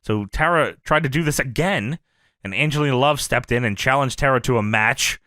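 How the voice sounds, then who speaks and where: A man's voice: medium pitch, moderate pace, dry recording, studio quality. A man co-hosting a wrestling review podcast in casual chat, recapping scenes with lots of laughter. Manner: animated, recaps scenes and acts out quotes, laughs often. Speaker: podcast co-host. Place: podcast studio.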